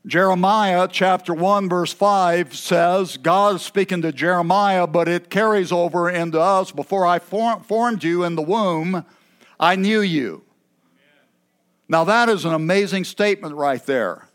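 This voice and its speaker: A man's voice: high voice, measured pace, a bit bright. Folksy preacher man, raised voice. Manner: folksy, chatty asides with throat-clearing. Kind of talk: sermon. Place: church.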